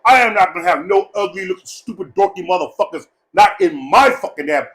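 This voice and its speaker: A man giving a rambling, joking eulogy at a memorial gathering, loud and full of swearing. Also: high-pitched, a little fast, hardly any pauses. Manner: profane, loud and jokey, breaks into laughter.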